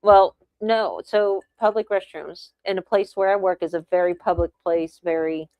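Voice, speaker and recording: A woman co-hosting a casual podcast chat, quick with interjections and often laughing. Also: fairly low pitch, fairly even intonation, no room sound. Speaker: podcast co-host. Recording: dull, dry lo-fi sound.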